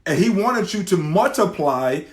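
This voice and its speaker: A middle-aged man co-hosting a faith talk show, loud and animated, preaching in casual talk. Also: high-pitched, measured pace. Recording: roomy echo.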